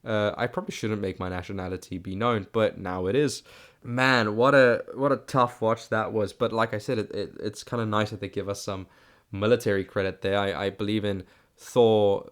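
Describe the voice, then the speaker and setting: A man's voice: on the low side, clear, resonant tone. A South African man hosting his own podcast, giving a rambling, chatty solo movie review and often restarting his sentences. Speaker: podcast host.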